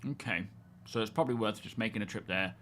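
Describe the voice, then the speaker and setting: A man's voice: lowish voice, fast, pushed and bright, a little hiss or hum. A man hosting a casual gaming livestream, greeting viewers and thinking aloud as he plays. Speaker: livestream host.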